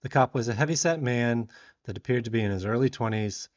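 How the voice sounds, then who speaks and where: Animated man telling a story. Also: mid-range voice, fairly quick, highs cut off. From Southern United States. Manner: animated storyteller who shouts and acts out the quoted lines. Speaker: woodworking vlogger. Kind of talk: storytelling voice-over.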